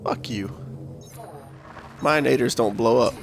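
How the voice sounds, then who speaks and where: Gravelly, profane gamer guy. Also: mid-range voice, slow, a little hiss or hum. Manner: profane, joking, animated. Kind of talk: casual gaming banter.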